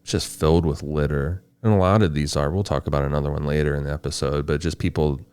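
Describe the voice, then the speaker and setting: A man hosting a podcast, telling a true-crime story in steady, detailed narration with casual asides. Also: extremely low pitch, fast talker, clear, resonant tone. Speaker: podcast host.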